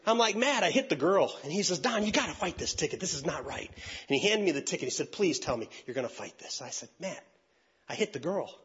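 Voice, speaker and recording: An older male pastor preaches a sermon, animatedly telling a personal story and acting out the voices of the people in it. His voice sits on the high side and moves fast, and the audio is dull.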